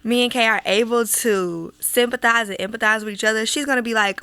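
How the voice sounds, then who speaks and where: A woman's voice: on the high side, a little fast, few pauses, clean tone, no echo. Blunt woman co-hosting a podcast. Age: 20s. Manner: blunt, lively, acts out quotes. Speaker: podcast co-host. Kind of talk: casual chat.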